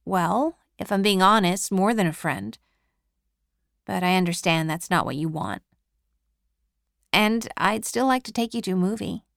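A woman reading the lines of a remorseful, earnest teenage boy who apologizes softly. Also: medium pitch, measured pace, creaky, long pauses, no echo, clean studio sound.

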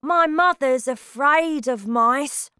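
A woman voicing a loud, greedy young boy who has been turned into a mouse, shouting and indignant in a storybook reading. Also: high voice, slow, no room sound, clean studio sound, pitched above the performer's own voice, exaggerated voice. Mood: worried.

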